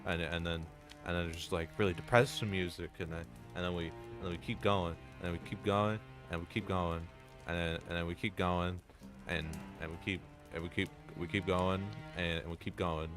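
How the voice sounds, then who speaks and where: A man's voice: low voice, fairly even intonation, normal speed, music in the background. A man giving casual game commentary in a rambling, repetitive, crude and joking way. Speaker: game streamer.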